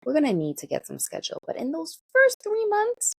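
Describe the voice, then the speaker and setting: A woman doula giving parenting advice in a coaching manner, often checking in with listeners and swinging her pitch and pace expressively. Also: huge pitch swings, fairly quick, gravelly, a little mellow, dry recording.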